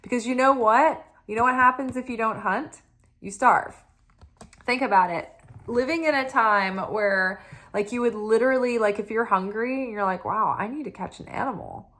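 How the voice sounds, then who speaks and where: A woman's voice: fairly high pitch, normal speed, a bit bright. A woman giving a casual spoken tarot reading, earnest and musing, often checking in with "right?" and "you know.". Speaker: tarot reader.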